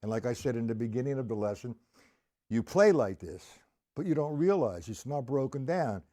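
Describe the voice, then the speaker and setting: A man's voice: mid-range voice, expressive, moderate pace. A man teaching a drum lesson on a live stream, explaining exercises in a patient, conversational way and counting beats aloud. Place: room with a drum set. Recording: loud drum kit playing behind the voice.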